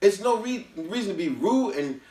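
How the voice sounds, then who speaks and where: A man's voice: high voice, sing-song, moderate pace, warm tone. A man hosting a book review who tells a story casually, with emphatic, preachy asides to his listeners. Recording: roomy, from a distance.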